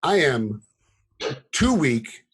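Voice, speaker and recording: A middle-aged man, a former fighter turned commentator and referee, telling stories in a casual interview, animated and rambling with fillers. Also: medium pitch, very slow, breathy edge, low-quality recording. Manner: animated, acts out quotes in a raised voice; rambling with many fillers and restarts.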